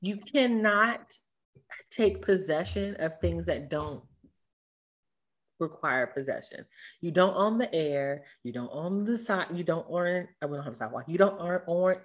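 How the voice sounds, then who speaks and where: Woman, casual chat, blunt, animated, low-ish voice, swooping pitch. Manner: animated, blunt, quick bursts of speech.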